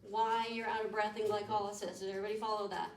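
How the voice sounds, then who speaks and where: A woman's voice: mid-range voice, flat delivery, quick pace. A woman professor giving a classroom lecture, quizzing students and explaining step by step. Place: lecture room. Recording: echoey room mic from far off, background noise.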